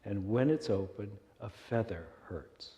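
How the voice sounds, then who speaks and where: A man's voice: lowish voice, expressive, measured pace, dark tone, dull audio. A man, a minister, giving a reflective and earnest sermon told as a story, with small restarts. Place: church sanctuary. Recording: echoey church hall.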